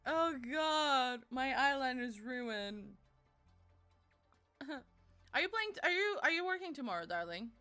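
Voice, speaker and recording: Giggly high-voiced woman streamer. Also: expressive, slow pace, pauses often, pushed and bright. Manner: giggly, playful, teasing. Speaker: live streamer. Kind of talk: casual stream chat. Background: faint music playing.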